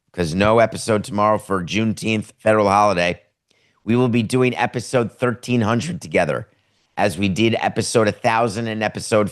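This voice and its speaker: Low-voiced man hosting a talk show. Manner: rambling, self-interrupting and emphatic. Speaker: podcast host. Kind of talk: live daily sports talk show monologue.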